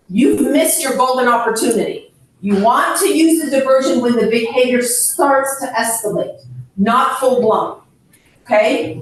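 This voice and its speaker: A woman leading a caregiver seminar, frank and lively, who laughs often and acts out scenes. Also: on the high side, a little hiss or hum. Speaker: hospice educator. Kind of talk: seminar talk. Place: seminar room. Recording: echoey room from far off.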